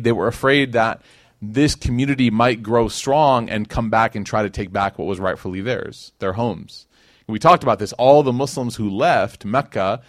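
An Islamic teacher from Chicago gives a casual, conversational sermon, telling stories full of slang and acting out quotes. His pitch is fairly low, and the clean studio recording has no echo.

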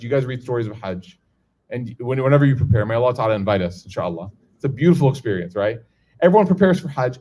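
A religious teacher with a mid-range, darkish voice gives a casual lesson to a live audience, speaking conversationally. He keeps checking in with "okay?" and "right?" and acts out the people in his stories in a raised voice.

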